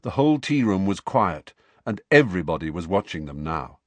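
A man narrating a novel aloud with expressive storytelling. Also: low voice, moderate pace, dry recording. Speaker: audiobook narrator. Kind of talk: scripted narration.

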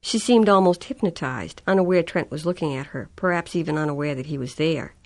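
A woman reading a novel aloud as audiobook narration. Her voice sits fairly low, and she tells the story in a measured, even way. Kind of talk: scripted narration.

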